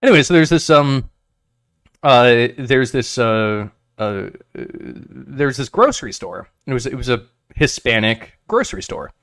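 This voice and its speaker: A man co-hosting a casual podcast, rambling with lots of restarts, swearing and lively retold stories. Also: mid-range voice, measured pace, dry recording, studio quality. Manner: rambling, many restarts and swearing, animated retellings. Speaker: podcast co-host. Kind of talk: casual chat.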